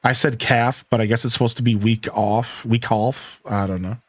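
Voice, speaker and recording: A man's voice: mid-range voice, steady tone, normal speed, dry recording. Chatty male streamer who laughs easily. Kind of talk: casual live gameplay commentary.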